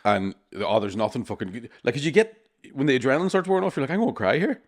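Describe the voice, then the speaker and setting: A man, co-hosting a podcast in relaxed, swear-filled banter. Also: medium pitch, racing. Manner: laid-back banter, frequent "aye" backchannels, swearing. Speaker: podcast co-host. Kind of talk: casual chat.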